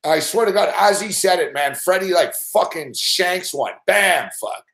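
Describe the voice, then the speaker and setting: A man hosting a late-night sports betting rant, swearing and yelling excitedly at the game while telling stories. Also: high-pitched, moderate pace. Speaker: sports betting show host. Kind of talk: live rant while watching games.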